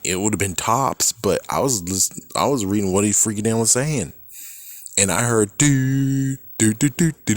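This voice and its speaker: A man with a somewhat low voice rants casually to the camera. He rambles and sounds exasperated, with frequent swearing. The sound is dry, with no room echo. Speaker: video creator. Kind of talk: casual opinion rant.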